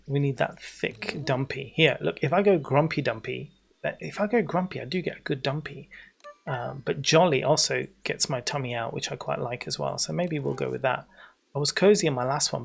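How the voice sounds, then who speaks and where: A man in his forties with an English accent, chatting casually while livestreaming a game, rambling on and breaking into excited greetings for viewers. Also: medium pitch, creaky, husky. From England. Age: 40s. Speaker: game streamer.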